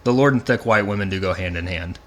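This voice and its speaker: A young man hosting a comedy podcast, teasing his guest with deadpan jokes in casual chat. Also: low-pitched, quick pace. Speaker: podcast host.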